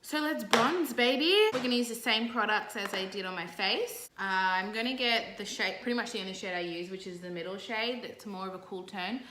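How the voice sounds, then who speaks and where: A woman's voice: mid-range voice, fairly quick, few pauses, pushed and bright. A young Australian woman talking viewers through her makeup in a casual, playful tutorial. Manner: chatty, playful asides to viewers. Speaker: beauty vlogger. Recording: roomy echo, faint background noise.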